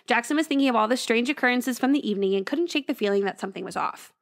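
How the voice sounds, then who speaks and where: A woman's voice: lively intonation, very fast. A woman co-hosting a podcast, casually retelling a ghost story and lifting her voice for the quoted lines. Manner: reads story aloud, voices quoted lines with raised pitch. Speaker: podcast co-host.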